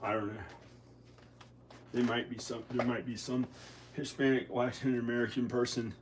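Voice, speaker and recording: A man rambling in a casual vlog in his home kitchen, halting and repeating himself. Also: mid-range voice, flat delivery, background noise. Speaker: vlogger.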